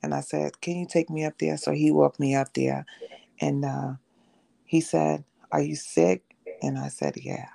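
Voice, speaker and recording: A woman with a low, gravelly voice recounts her own story on a podcast. She tells it conversationally and slips into the voices of the people she quotes. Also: expressive, unhurried, warm tone. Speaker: podcast guest. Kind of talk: personal testimony in conversation.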